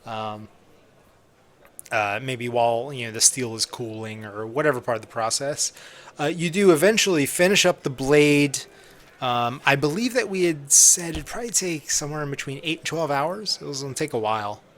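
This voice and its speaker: A man's voice: mid-range voice, lively intonation, moderate pace, fairly bright tone. A young man narrating as game master on a live stream, loose and joking with lots of fillers.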